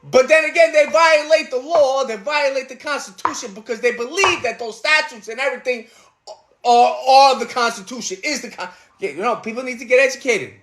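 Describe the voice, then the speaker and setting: A middle-aged man with a New York accent livestreams from his home kitchen, ranting bluntly and rambling with profanity as he cooks. His voice is very high, brisk and a bit bright. The room is echoey, with a little hiss or hum.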